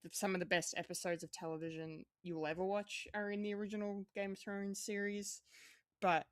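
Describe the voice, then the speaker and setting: A woman's voice: mid-range voice, flat delivery, fairly quick, dry recording, clean studio sound. A woman co-hosting a podcast, chatting casually in a rambling way, with lots of fillers, restarts and swearing. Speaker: podcast co-host.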